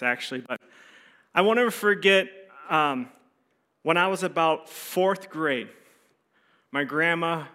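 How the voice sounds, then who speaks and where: A man preaching a sermon, telling a personal story with animated voices and quiet, serious stretches. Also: on the high side. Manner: animated storyteller, acts out voices, drops soft for serious moments. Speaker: pastor.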